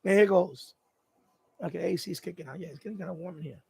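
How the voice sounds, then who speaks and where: A man with a high, gravelly voice talks casually on a live stream from his home. He rambles through his story, restarting sentences as he goes. The sound is close and dry, with no room around it. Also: quick pace, darkish tone, no echo. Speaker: radio hobby channel host. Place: at home, indoors.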